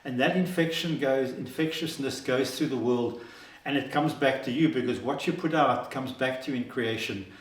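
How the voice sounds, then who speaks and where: A man's voice: medium pitch, moderate pace. A man gives an earnest, upbeat inspirational talk in a mid-range voice. He talks through plenty of fillers and restarts. The room around him has a noticeable echo. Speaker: host.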